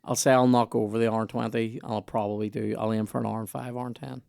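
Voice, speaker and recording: A man's voice: lowish voice, little pitch movement, quick pace, vocal fry, darkish tone, smooth, dry recording, clean studio sound. A man hosting a podcast, chatting casually and joking with many restarts. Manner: chatty, jokey, trailing restarts. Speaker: podcast host. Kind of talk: casual chat.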